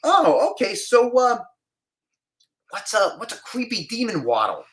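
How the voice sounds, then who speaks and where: A man's voice: sits high, wildly swooping pitch, measured pace, voice pushed up, full character voice. A man voicing a short, stocky, fake-friendly male casting agent who drawls with lots of "uh" and "you know". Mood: chummy.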